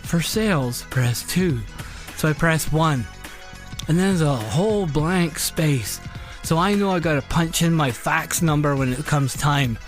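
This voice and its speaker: A man's voice: fairly high pitch, a little slow, faint music behind. A man hosting a podcast, telling a story in a casual, exasperated way and repeating phrases as he recounts each step. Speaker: podcast host.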